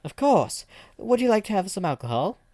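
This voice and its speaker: A man's voice: sits high, big pitch swings, normal speed, mellow, no room sound, pitched above the performer's own voice. A man voicing a hospitable camera-headed guard with a put-on Russian accent. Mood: hearty.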